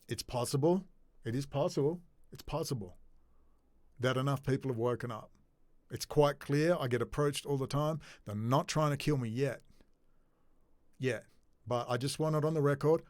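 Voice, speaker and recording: Man, mid-pitch, angry video-blog rant, dry close sound. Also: darkish tone, no echo. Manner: agitated, swearing, restless. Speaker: video blogger. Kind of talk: ranting monologue to camera.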